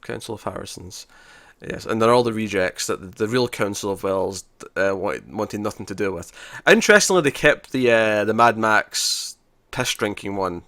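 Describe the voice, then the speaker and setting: A man's voice: on the low side, normal speed, no echo. Chatty man recapping TV episodes. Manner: chatty, animated, laughs often. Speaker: podcast host. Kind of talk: casual episode recap chat.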